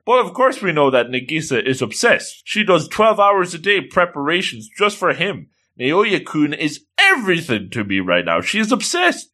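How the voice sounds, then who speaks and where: Man, lively swooping voice, bright tone, casual story recap, joking asides. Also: mid-range voice, moderate pace, few pauses. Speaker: anime recap narrator.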